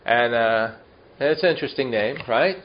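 A man's voice: medium pitch, muffled recording, slight background noise. Man teaching a Bible study, chatty. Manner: explains Hebrew words slowly, with asides and questions to listeners.

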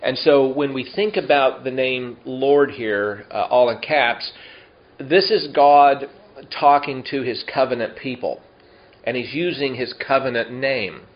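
A man teaching a Bible study in a relaxed, conversational way, slowing down to explain Hebrew words and asking the listeners questions. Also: mid-range voice, muffled recording.

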